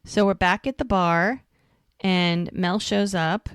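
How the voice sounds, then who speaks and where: A woman co-hosting a podcast casually recaps an episode, acting out the characters' lines along the way. Her voice is mid-range, smooth and slow-paced, captured in a dry, clean studio recording.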